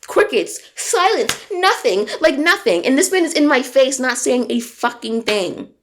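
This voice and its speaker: A woman in her twenties telling a storytime on her vlog, animated and emphatic, venting with plenty of swearing. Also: sits high, moderate pace, slight background noise. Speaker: vlogger.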